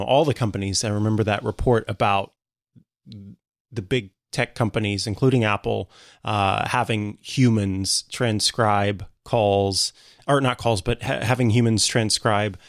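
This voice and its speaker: A man co-hosting a podcast, talking about tech in a thoughtful, halting way with fillers. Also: on the low side, no room sound, studio quality. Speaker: podcast co-host. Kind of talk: casual tech chat.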